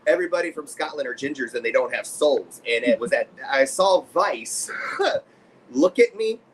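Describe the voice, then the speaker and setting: A man's voice: a little high, moderate pace, slightly rough, rough recording. A man in his forties, a podcast guest, telling stories in casual chat and laughing often. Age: 40s. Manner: laughing, animated storyteller.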